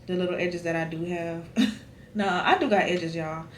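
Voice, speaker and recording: A woman's voice: on the low side, moderate pace, a little hiss or hum. A young woman talks casually to her viewers from home. Her chat is loose and full of slang, and she keeps calling her audience y'all. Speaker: vlogger doing a wig install.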